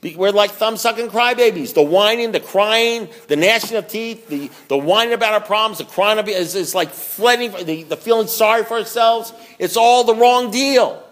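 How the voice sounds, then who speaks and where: A man speaking at a recovery meeting in a slightly high voice. He tells folksy stories, acts out both sides of his conversations and is blunt and joking. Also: moderate pace, hardly any pauses, fairly bright tone. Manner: blunt, joking, laughs often.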